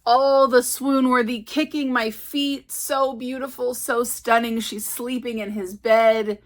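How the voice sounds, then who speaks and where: Excitable rambling woman book vlogger. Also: on the high side, slow pace. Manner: rambling and excitable, many fillers and restarts. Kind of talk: casual chat. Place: at home with her cats.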